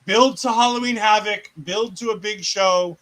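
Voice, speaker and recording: A man's voice: high-pitched, steady tone, moderate pace, fairly bright tone, low-quality recording. A man co-hosting a casual wrestling recap, retelling scenes with sarcastic asides and acted-out quotes. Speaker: co-host.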